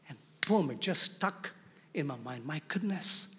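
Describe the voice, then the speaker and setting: A man preaching a sermon as pastor, animated and often asking his congregation questions. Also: fairly high pitch, a little slow. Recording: reverberant hall.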